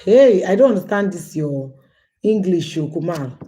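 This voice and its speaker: Mellow-voiced woman livestreaming. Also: on the low side, expressive, normal speed. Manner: chatty, addresses viewers as guys, repeats phrases. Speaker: livestream host. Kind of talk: casual storytelling livestream.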